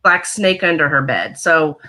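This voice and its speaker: Bright-voiced woman tarot reader. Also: deep voice, expressive, a little slow, rough recording. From Missouri. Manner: hesitant, many ums, giggly. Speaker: tarot card reader guest. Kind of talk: casual interview.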